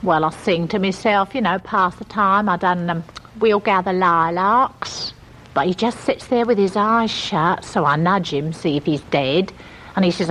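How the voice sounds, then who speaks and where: A middle-aged woman, telling a comic story in a chatty, gossipy, deadpan working-class way. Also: on the low side, normal speed. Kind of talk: comic monologue.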